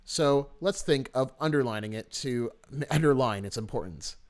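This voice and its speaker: A man teaching a software workshop, explaining step by step in a friendly, animated way and stressing key words. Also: mid-range voice, moderate pace. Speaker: workshop instructor. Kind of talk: screen-recorded software tutorial.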